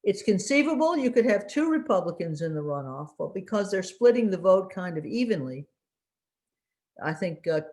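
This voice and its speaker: A woman's voice: mid-range voice, very animated, darkish tone. Woman talking thru an election rundown off the cuff, lots of uhs hunting for names, dry little jokes. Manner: halting, frequent fillers while recalling names; dry, wry asides. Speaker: political commentator. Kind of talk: unscripted election briefing.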